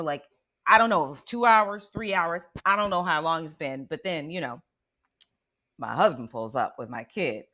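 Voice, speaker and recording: A woman hosting a spiritual radio show, telling a personal story in an animated, dramatic way and often checking in with her listeners. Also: lowish voice.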